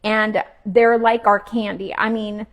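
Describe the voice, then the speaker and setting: A woman's voice: medium pitch, slow pace. A woman chatting casually while she cooks in her home kitchen, talking as she works and sometimes chewing. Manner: chatty, relaxed, talks while cooking and chewing. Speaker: cooking vlogger.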